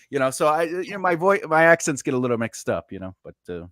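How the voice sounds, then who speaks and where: A man co-hosts a casual livestream and jokes constantly, dropping into put-on voices and accents. His pitch swings widely as he talks. The sound is dry and close to the mic. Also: very animated, rapid-fire, hardly any pauses, sharp tone, no room sound. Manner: playful joker who slips into silly voices and accents. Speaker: co-host.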